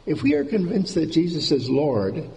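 Male preacher, fairly high, gravelly voice, informal sermon delivery with repeated words, echoing hall, faint noise. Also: wildly swooping pitch, moderate pace, darkish tone. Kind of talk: conversational sermon.

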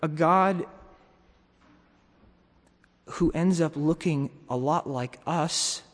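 A man's voice: on the high side, extremely slow, in a large hall. A man preaching a sermon in a teaching manner, often restarting and repeating words.

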